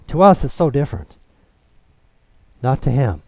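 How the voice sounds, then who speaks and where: A man preaching a sermon, expounding scripture in an emphatic, deliberate way. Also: medium pitch, sing-song, a little mellow, no echo. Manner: slow, emphatic expository preaching.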